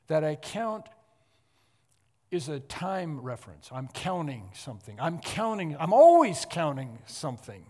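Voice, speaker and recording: Guy preaching a sermon in a big echoey hall, kinda high voice, stresses words a lot. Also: very animated, unhurried, a little mellow. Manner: emphatic, repeats words, clears throat often. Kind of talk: expository sermon. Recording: long hall reverb.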